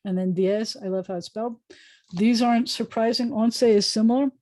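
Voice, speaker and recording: A woman's voice: fairly high pitch, fairly even intonation, normal speed, dark tone, dry recording. A woman rabbi giving a casual online lesson over a video call, chatty and thinking aloud with many fillers. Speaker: rabbi teaching a class.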